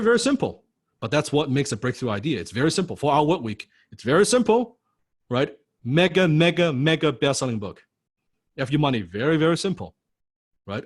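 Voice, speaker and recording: His voice is husky and medium-pitched. Leading a recorded course lecture, this instructor is punchy and blunt, hitting listeners with rhetorical questions, asking "right?" after every point, and swearing occasionally for emphasis.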